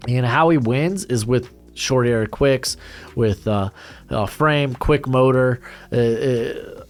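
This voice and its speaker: Young man, casual draft analyst, rambling with fillers and blunt asides, mid pitch, faint music bed. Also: takes it slowly.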